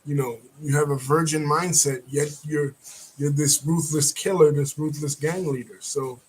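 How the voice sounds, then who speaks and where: A man casually recapping a film's plot as a reviewer, rambling with frequent fillers and throat-clearing. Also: on the high side, steady tone, normal speed, poor audio. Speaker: movie reviewer.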